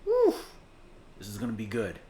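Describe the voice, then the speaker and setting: Profane, animated man reacting. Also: lowish voice, measured pace, roomy sound, a little hiss or hum. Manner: blunt and profane, swings from muttering to shouting. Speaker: reaction video host. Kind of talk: casual reaction commentary.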